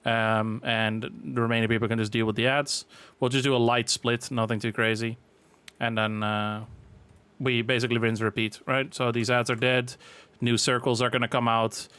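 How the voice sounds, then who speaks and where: A man's voice: medium pitch, moderate pace, clear, resonant tone. A man casually walking through a raid boss fight as a game guide, explaining at an easy pace with frequent fillers. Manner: relaxed, filler-heavy explaining.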